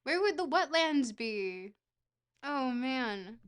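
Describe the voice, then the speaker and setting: A woman's voice: high-pitched, very animated, slow pace, a bit bright, smooth. A woman streamer chatting casually while playing a geography game, rambling and joking with a bit of casual swearing.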